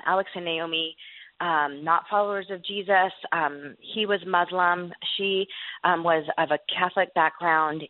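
A woman's voice: on the low side, no echo. Woman guest on a tinny phone line. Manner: earnest storytelling with laughs. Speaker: guest author. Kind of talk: faith interview.

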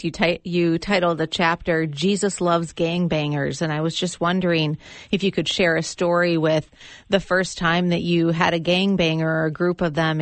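A woman hosting an interview, asking gentle, affirming questions. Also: fairly low pitch, dry recording. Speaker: interview host.

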